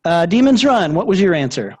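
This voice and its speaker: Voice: mid-range voice, sing-song, a little fast, darkish tone, husky. A host running a movie trivia game over a video call, chatty and upbeat.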